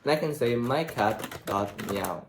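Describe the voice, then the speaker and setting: A male programming tutor reads his code out while typing for a screen-recorded tutorial, speaking expressively at a measured pace in a mid-range voice. Faint keyboard clatter sounds in the background of an echoey room.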